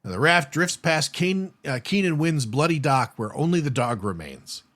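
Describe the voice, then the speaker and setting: A man's voice: fairly high pitch, lively intonation, moderate pace, fairly bright tone. A man co-hosting a podcast, recapping a film's plot in casual chat with wry asides. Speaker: podcast co-host.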